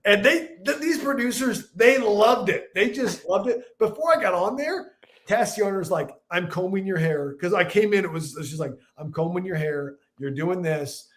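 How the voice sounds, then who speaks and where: A man in his forties from Illinois, a football analyst telling stories as a podcast guest, rambling and animated. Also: high-pitched, normal speed. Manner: animated, rambling storyteller with restarts and voiced quotes. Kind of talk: casual storytelling chat.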